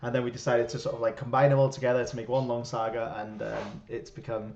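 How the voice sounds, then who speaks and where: A man co-hosting a live script-reading stream, chatty and quick to laugh and encourage. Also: mid-range voice, level tone, vocal fry, darkish tone, dull audio. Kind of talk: casual chat.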